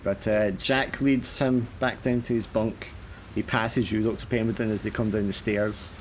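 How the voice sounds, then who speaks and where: A man's voice: fairly low pitch, fairly even intonation, normal speed, slight background noise. A man narrating a tabletop horror game as game master, casual and full of fillers.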